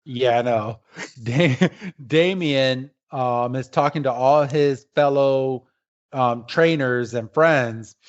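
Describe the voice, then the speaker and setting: A man co-hosting a podcast in casual chat, retelling the plot with halting fillers. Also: medium pitch, lo-fi sound. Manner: rambling, halting, with many fillers. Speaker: podcast co-host.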